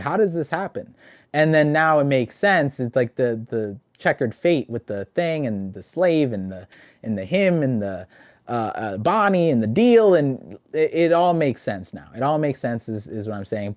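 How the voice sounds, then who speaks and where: A young adult man hosting a casual podcast chat, talking in an animated, rambling way with lots of restarts. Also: mid-range voice, no room sound, studio quality. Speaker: podcast host.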